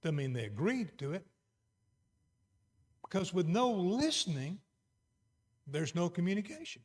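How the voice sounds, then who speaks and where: A middle-aged man preaching a sermon, moving between quiet, earnest emphasis and raised exhortation. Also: high voice, very animated, a little slow.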